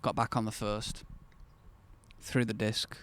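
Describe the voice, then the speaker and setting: A man's voice: on the low side, level tone, slow, background noise. Candid man telling a personal story. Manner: candid, conversational, reflective with bursts of enthusiasm. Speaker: channel host. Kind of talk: casual personal storytelling to camera.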